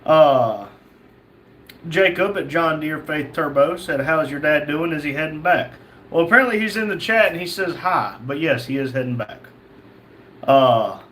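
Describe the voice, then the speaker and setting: A man talks easily as he hosts a live stream, reading off viewer names and messages. His voice sits a bit high for a man, and he answers each comment in a loose, friendly chat. A faint noise runs under the recording. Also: normal speed, a bit bright. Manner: reads chat names aloud, chatty and easygoing. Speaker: livestream host reading chat.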